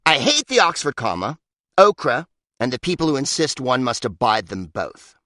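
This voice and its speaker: A man's voice: mid-range voice, very animated, a little fast, pushed and bright, dry recording, studio quality. Sardonic man reading a comic audiobook. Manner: sardonic, mock-pompous, with big swoops for emphasis. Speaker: comedian reading his own book.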